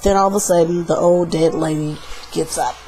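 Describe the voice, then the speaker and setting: A woman talks through a horror film in a casual video review. Her delivery is animated and slangy, with emphatic punches on key words and a loose, chatty flow. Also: lowish voice, a little fast, slight background noise. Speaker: movie reviewer.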